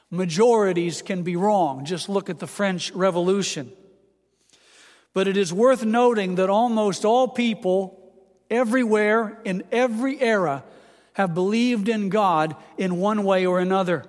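High-voiced preacher man in a reverberant hall. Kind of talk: sermon.

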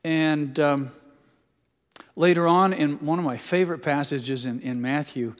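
Before a gathered congregation, an older pastor delivers a sermon built on folksy family anecdotes, told in a playful, teasing way. He speaks a little slowly at a fairly high pitch, his words carrying a long reverb through the spacious hall.

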